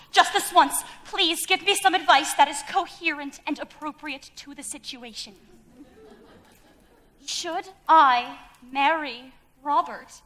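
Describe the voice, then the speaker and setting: A woman's voice: extremely high pitch, a bit bright, exaggerated voice. A young woman playing a flighty, theatrical showgirl bride in a school stage musical, with a breathless, fluttery manner. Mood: confused. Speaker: stage actress. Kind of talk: live stage musical acting. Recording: reverberant school auditorium.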